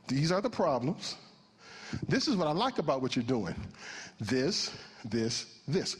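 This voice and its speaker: A man preaching a sermon in an animated way, moving from hushed, almost whispered passages to loud, high shouts. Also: normal speed, husky, in a large hall.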